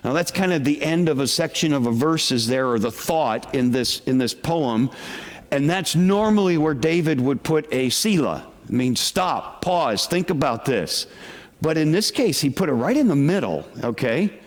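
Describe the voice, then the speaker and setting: Male pastor preaching slow and chatty, kinda high voice, big echoey church. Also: animated. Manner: conversational, asks the congregation questions. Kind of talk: sermon. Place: church sanctuary with congregation. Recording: long reverb of a large hall.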